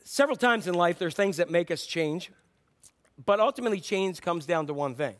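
Conversational preacher man, fairly high voice. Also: expressive, brisk. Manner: storytelling, conversational, with fillers and restarts. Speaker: pastor. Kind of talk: sermon.

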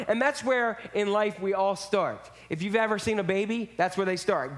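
A man's voice: sits high, moderate pace, few pauses. A man preaching a sermon in a church, speaking casually and acting out quotes in character voices. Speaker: pastor.

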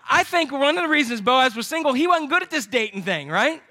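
Pastor guy preaching, cracks jokes with the crowd, bright high voice. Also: fairly quick, hardly any pauses. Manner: lively storytelling with jokes to the congregation. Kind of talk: sermon.

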